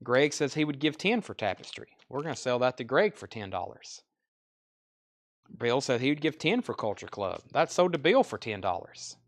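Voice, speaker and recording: A man's voice: medium pitch, very animated, normal speed. A man with a Southern US accent hosting a live online record sale, rattling off album titles and prices with chatty asides in casual sales patter.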